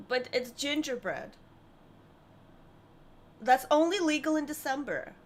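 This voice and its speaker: A woman's voice: high-pitched, expressive, a little slow. A woman co-hosting a casual live-stream Q&A, playful and teasing, often giggling.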